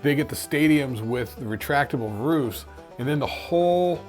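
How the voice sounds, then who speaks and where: A man's voice: mid-range voice, animated, normal speed, soft background music. Chatty man podcast co-host. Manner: chatty, explains at length. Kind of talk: casual banter.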